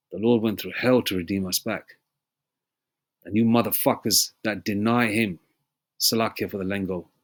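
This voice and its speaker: A man preaching an informal sermon, reading verses slowly and pausing to ask "you know?" and "okay?" again and again, with throat clearing between passages. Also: on the low side, a bit bright. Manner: emphatic, repeats "you know?" and "okay?" often.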